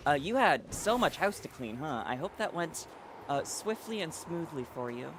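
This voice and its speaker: Male game streamer, casual live chat to viewers, slightly raised pitch, lots of ums and restarts. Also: big pitch swings, normal speed, noisy background. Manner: chatty, reads chat aloud, many fillers and restarts.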